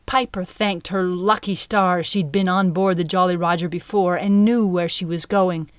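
A woman narrating an adventure story in a steady, measured audiobook reading. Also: lowish voice, clear, resonant tone, no echo.

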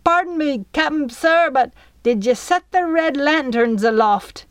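A woman reading a storybook voices a timid male pirate lookout with a squeaky, high voice. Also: expressive, unhurried, dry recording. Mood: alarmed.

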